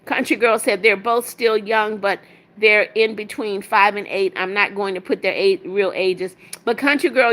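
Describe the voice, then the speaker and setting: Her voice sits on the high side and has a sharp edge. She's a woman running a casual livestream, reading out what viewers write and responding in a blunt, sassy manner.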